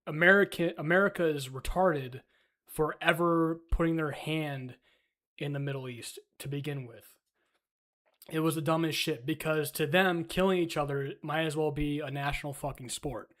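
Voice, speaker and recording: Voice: mid-range voice, normal speed, fairly bright tone. A streamer ranting crudely and heatedly in a casual livestream, full of swearing.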